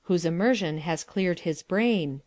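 A woman reads stage directions in an even, matter-of-fact way. Her voice is on the low side. The sound is dry and close. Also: measured pace, no echo. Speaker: narrator reading stage directions. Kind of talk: plain audiobook reading.

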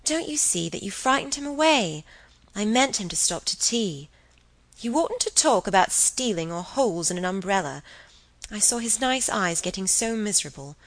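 A woman voicing a thoughtful, earnest young woman who speaks politely and gently chides in an audiobook. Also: medium pitch, lively intonation, normal speed, no echo, low-quality recording. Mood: chiding.

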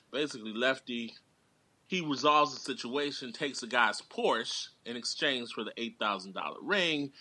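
A man's voice: medium pitch, sharp tone, dry recording. A man, a podcast guest, recapping a film plot in a rambling, casual way with many filler words.

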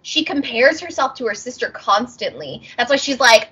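Podcast co-host, woman, bubbly, bright and breathy tone, acts out the scenes she describes. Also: fairly high pitch, lively intonation, normal speed, low-quality recording. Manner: bubbly, acts out characters in quoted voices. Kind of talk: casual chat.

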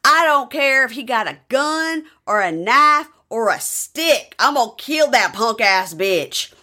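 A woman's voice: on the high side, lively intonation, unhurried, pushed and bright, voice pushed up. A woman voicing a hot-tempered, menacing grown man who talks out of one side of a crooked jaw. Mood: furious.

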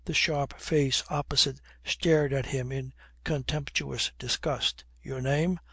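A man narrating a historical novel in a measured, even reading, close to the mic. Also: mid-range voice, husky, dry recording. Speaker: audiobook narrator. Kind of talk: scripted narration.

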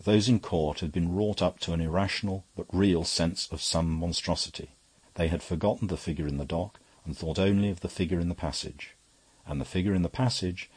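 A man narrating a classic story in an even, unhurried reading. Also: low-pitched, slightly rough, no room sound. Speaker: audiobook narrator. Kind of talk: scripted narration.

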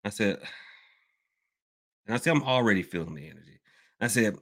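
A man's voice: fairly low pitch, expressive, normal speed, a bit bright. Rambling man hosting a podcast. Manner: rambling, repeats himself, addresses listeners as y'all. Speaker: podcast host and hoodoo worker. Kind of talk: casual open-topic podcast talk.

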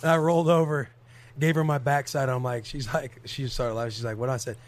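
A man of thirty co-hosting a podcast, telling laid-back stories that burst into shouting. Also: medium pitch, fairly even intonation, brisk. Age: 30s. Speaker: podcast co-host. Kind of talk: casual podcast banter.

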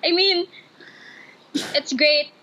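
A young woman guest speaks in a high, bright voice, slowly and haltingly, giggling as she stumbles over words. A faint noise sits under the recording. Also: fairly even intonation. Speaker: guest, host's best friend. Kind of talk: casual podcast chat.

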